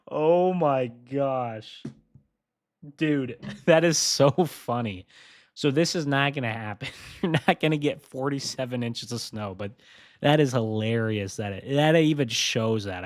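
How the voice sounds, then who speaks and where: A man's voice: medium pitch, no room sound. Young guy doing a live weather stream, laughs a lot, chatty, dry close mic. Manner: laughs often, excitable and chatty, addresses chat viewers. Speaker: weather livestream host. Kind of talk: casual live weather briefing.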